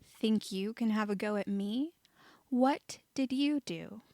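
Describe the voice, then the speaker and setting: Woman voicing a shaken young man, low and shaky, dry read. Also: takes it slowly, darkish tone, no echo. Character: young male hero, tense and shaken.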